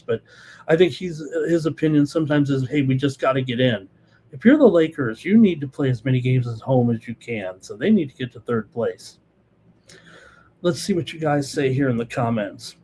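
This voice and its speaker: A male sports betting show host giving live analysis, talking fast with many fillers and reading out viewer comments. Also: medium pitch, warm tone, a little hiss or hum.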